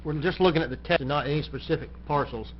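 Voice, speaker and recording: A man chairing a county commission meeting who runs the votes in a plainspoken, folksy and brisk way. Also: a little high. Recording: muffled recording with faint noise.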